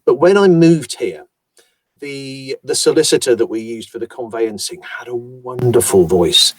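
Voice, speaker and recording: A man from Yorkshire, an audiobook narrator, chatting about his voice work in an animated storytelling manner. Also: medium pitch, a little slow, dry recording. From Yorkshire, England. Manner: animated, chatty storyteller who slips into accents. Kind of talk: casual conversation about voice work.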